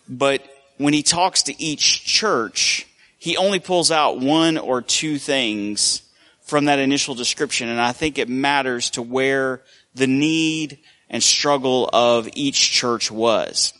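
A man's voice: medium pitch, sharp tone. A man preaching a conversational sermon, telling stories with a shifting pace. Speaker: pastor.

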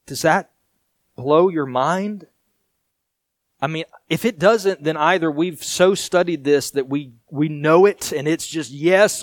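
A man on the high side preaches a sermon with no echo in the recording. He reads scripture and explains it earnestly, alternating between raised and hushed tones.

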